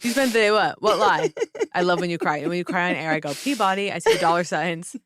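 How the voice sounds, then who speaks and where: A woman co-hosting a casual podcast, playful and teasing, chiming in with quick affirmations. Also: lowish voice, a bit bright, dry recording, clean studio sound. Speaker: podcast co-host. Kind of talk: casual chat.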